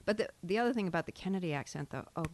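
An older woman from Massachusetts with a Boston accent, telling stories in a chatty, animated way in casual conversation. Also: on the low side, very fast, a crowd in the background. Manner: chatty, animated storyteller, trails off and restarts. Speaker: guest. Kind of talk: casual chat.

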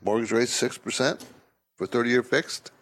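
A man's voice: medium pitch, moderate pace, a bit bright, breathy edge. A man hosting a call-in finance talk show, speaking emphatically and conversationally, often repeating himself for stress. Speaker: radio show host.

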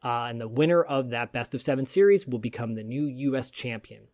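A man's voice: mid-range voice, brisk, darkish tone. A man hosting a podcast, telling a story in a rambling, digressive casual chat. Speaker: podcast host.

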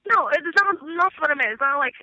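A woman's voice: high-pitched, expressive, quick pace, no room sound. Heated woman on a phone line. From Brazil. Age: 20s. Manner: heated, swearing storyteller who acts out quoted dialogue. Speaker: caller. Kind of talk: casual phone call. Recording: bright thin phone line.

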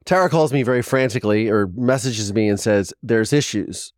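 A man in his forties, a podcast host, telling a casual rambling story with quick restarts and lively quoted voices. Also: on the low side, no room sound, clean studio sound.

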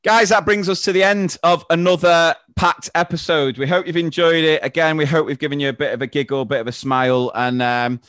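A man's voice: on the high side, fairly even intonation, brisk, hardly any pauses, fairly bright tone, no echo, clean studio sound. A man who teaches primary school, hosting a podcast and chatting casually with anecdotes and frequent laughter.

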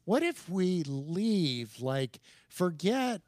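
A middle-aged man with a high voice and drawn-out words, recorded dry, guests on a podcast and tells stories in casual conversation. He's an animated storyteller who acts out the quoted dialogue and chuckles between lines.

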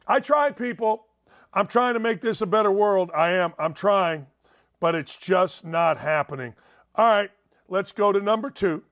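A male talk show host with a high-pitched voice reads news pieces aloud and mocks them. He is sarcastic and incredulous, one moment loud and the next muttering under his breath. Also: animated, a little slow, pauses often. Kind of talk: mocking commentary on news articles.

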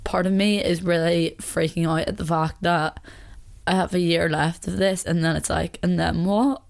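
A woman's voice: lowish voice, vocal fry. A woman in her twenties hosting a podcast, talking in a rambling, candid and confessional way, full of "like". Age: 20s. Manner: rambling and chatty, heavy use of "like"; open and confessional. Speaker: podcast host. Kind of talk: candid casual monologue.

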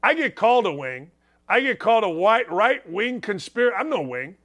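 A middle-aged man hosting a sports talk show, ranting in an animated, wisecracking monologue and repeating his points for emphasis. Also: high voice, brisk.

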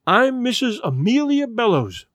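A man voicing an elderly woman space traveler in a storybook reading, soft, wistful and reverent. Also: very high-pitched, big pitch swings, unhurried, no room sound, voice pushed up, full character voice. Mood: quiet.

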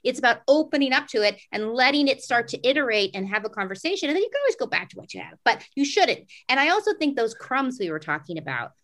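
A woman hosting a casual screenwriting conversation, animated and excitable, swearing freely and acting out her own thoughts. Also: sits high, fast, few pauses. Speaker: podcast host.

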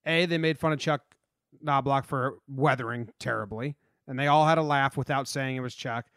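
A man's voice: medium pitch, normal speed, a bit bright, no echo, clean studio sound. A young man co-hosting a casual sports podcast, chatty and meandering with lots of fillers. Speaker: podcast co-host.

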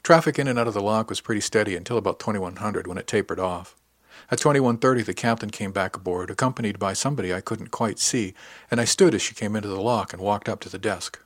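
Guy reading a first-person story aloud, lowish voice, dry close sound, wry and even. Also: fast, no echo. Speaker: audiobook narrator. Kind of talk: first-person scripted narration.

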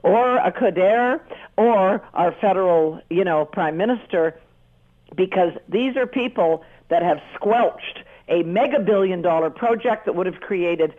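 A woman speaking as a talk show panelist, indignant and rallying listeners, her pitch leaping on stressed words. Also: a little slow. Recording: tinny phone line.

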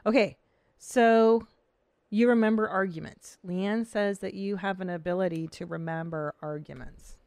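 A woman's voice: mid-range voice, steady tone, creaky, a little mellow, no room sound. Woman hosting a podcast, dry close sound. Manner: chatty, supportive, quick to laugh along. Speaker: podcast host. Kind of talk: casual chat.

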